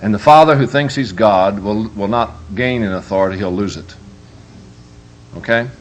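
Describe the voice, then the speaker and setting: A man's voice: on the low side, normal speed. Joking, emphatic male preacher. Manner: lively, joking, emphatic storytelling. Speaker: preacher and workshop speaker. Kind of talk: humorous live workshop talk.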